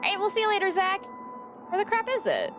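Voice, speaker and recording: A woman's voice: very high-pitched, huge pitch swings, a little fast, music in the background. Exasperated, chatty woman streamer. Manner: exasperated, chatty, swears casually. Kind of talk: casual gameplay commentary.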